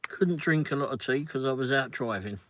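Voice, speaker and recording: A man's voice: mid-range voice, moderate pace, a bit bright, a little hiss or hum. An older man hosting a livestream, chatting casually in a rambling way while reading viewer comments, often laughing. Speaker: livestream host.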